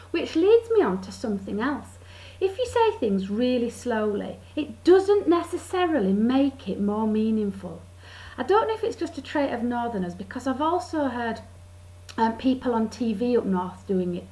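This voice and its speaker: Sarcastic woman, lively voice. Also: a little high, normal speed, poor audio. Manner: sarcastic, mocking, drawls words for effect. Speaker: vlogger. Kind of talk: satirical comedy monologue.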